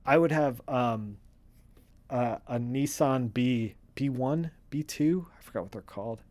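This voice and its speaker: Guy on a coloring stream rambling away, lots of ums, gets worked up fast, middle pitch. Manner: rambling, excitable, lots of fillers. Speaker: streamer coloring comic art. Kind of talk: casual livestream chat.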